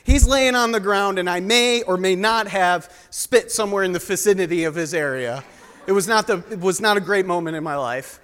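High-voiced young man preaching in a hall. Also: fairly quick, fairly bright tone, clean tone. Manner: storytelling, joking with the congregation. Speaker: guest preacher. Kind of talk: sermon. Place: church sanctuary. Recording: long reverb of a large hall.

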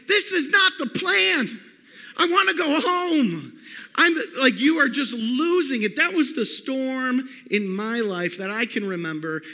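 A man preaching a sermon, telling a personal story in an animated way and calling out to the congregation. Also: high-pitched. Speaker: pastor. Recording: long hall reverb.

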